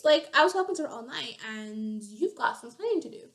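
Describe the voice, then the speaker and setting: A young woman telling a storytime vlog, animated and acting out the other voices. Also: a little high, fairly quick, few pauses. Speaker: vlogger.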